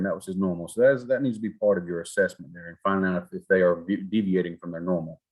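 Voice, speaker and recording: A man from South Georgia teaches an EMT class in a folksy, animated manner, sometimes acting out exchanges with patients. His voice sits very low, with a husky, slightly rough edge. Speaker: EMS instructor. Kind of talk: classroom lecture.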